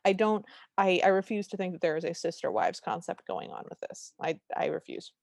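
A woman's voice: fairly low pitch, vocal fry, no room sound, clean studio sound. A woman co-hosting a podcast, casually recapping a film in a playful way and dropping into silly voices for the characters. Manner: playful, quick to jump into silly voices while retelling scenes. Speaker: podcast co-host.

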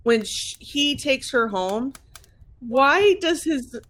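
A woman's voice: high-pitched, expressive, takes it slowly, fairly bright tone. A woman co-hosting a podcast, chatting casually and recapping a movie. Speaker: podcast co-host. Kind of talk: casual chat about a movie.

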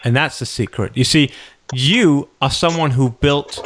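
A man's voice: mid-range voice, unhurried, a bit bright, a little hiss or hum. A man hosting an interview, asking questions and cheering his guest on. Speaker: host.

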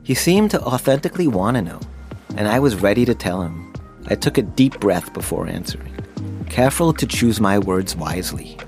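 A man's voice: on the low side, expressive, moderate pace, a little mellow, faint music behind. A man narrating his own memoir in the first person, wry and self-deprecating.

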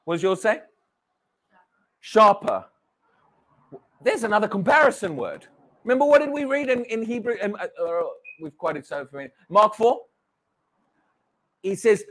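A man from Britain preaching a sermon, animated, repeating words and asking his congregation questions. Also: high-pitched, normal speed, long pauses. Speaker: pastor.

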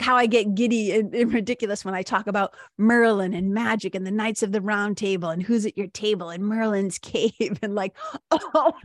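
A middle-aged woman hosts a podcast, talking casually and with animated enthusiasm, full of "like" and "right?" asides. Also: medium pitch, no room sound, studio quality. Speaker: podcast host. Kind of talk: casual monologue, retelling a coaching session.

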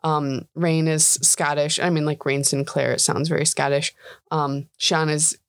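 A woman co-hosting a podcast in casual, chatty talk that is peppered with "like" and quick laughs. Her voice sits low for a woman. It sounds dry and close, with almost no room around it. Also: level tone, clean tone, no echo. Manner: chatty, laughs often, says "like" a lot. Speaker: podcast co-host. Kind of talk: casual chat.

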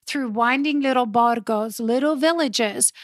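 Animated woman telling a story. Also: a little high, unhurried, no room sound, studio quality. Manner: animated, laughs often, addresses listeners directly. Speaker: podcast host. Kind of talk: casual storytelling monologue.

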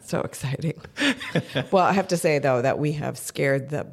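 Upper Midwestern female co-host, very gravelly fry-laden voice, dry and teasing. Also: sits low, normal speed, darkish tone, slight background noise. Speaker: podcast co-host. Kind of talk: casual podcast chat. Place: office in a co-working space.

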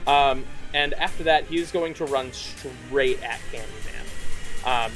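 Young guy dm, loose rambly narration with lots of ums, soft music under. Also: mid-range voice, measured pace. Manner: loose, profane, filler-heavy narration. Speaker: game master. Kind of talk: narrating a tabletop game.

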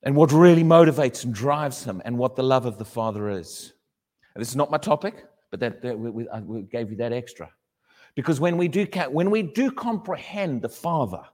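A man preaching a sermon to a congregation, animated and questioning his listeners, often acting out little dialogues. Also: mid-range voice, long reverb tail.

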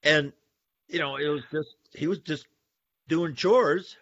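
A male podcast host with a bright, forceful voice tells a story with lively energy and keeps talking to "folks". His sound is a bit dull and lo-fi, and it is dry, with no room echo. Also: fairly high pitch, takes it slowly. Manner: animated storyteller, addresses listeners as folks. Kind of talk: casual podcast conversation.

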